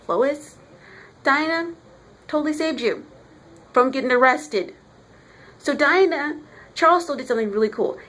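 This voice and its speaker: A woman's voice: a little high, a bit bright. A woman giving a casual, chatty vlog review of a comic book, talking with emphasis.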